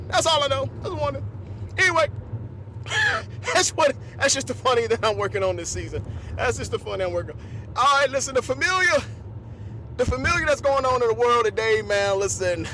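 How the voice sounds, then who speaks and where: A man's voice: very high voice, heavy background noise. A man hosting a comedy podcast, rambling through his bits, chuckling often and repeatedly asking if you follow him. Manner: repetitive, chuckling, keeps asking "you know what I'm saying".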